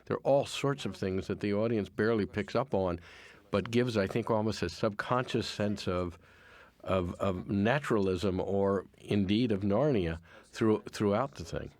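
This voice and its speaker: A man's voice: on the low side, moderate pace, a little mellow. A man, the film's producer, giving a reflective, appreciative audio commentary, often repeating a word as he finds his thought. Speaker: film producer.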